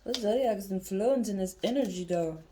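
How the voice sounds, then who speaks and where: A woman's voice: medium pitch, brisk, warm tone, slight background noise. A young woman reading tarot cards in a casual vlog, talking bluntly and swearing freely as she thinks aloud. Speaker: tarot reader.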